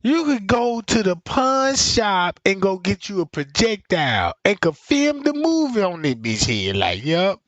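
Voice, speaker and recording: A man doing casual reaction commentary on a stream, mocking and roasting with profane, loud jokes. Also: high-pitched, big pitch swings, measured pace, hardly any pauses, no room sound, muffled recording.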